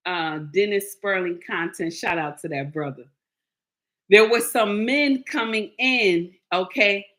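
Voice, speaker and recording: A woman vlogging casual commentary, telling stories in an animated, emphatic way. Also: mid-range voice.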